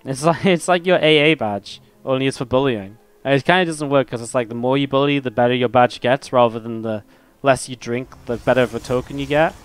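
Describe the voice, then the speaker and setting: Casting a game match solo, this esports streamer drifts into relaxed, rambling chatter with his chat between play-by-play calls, often laughing at his own anecdotes. He has a mid-range, clean voice and speaks fairly quickly on a dry recording with faint background music.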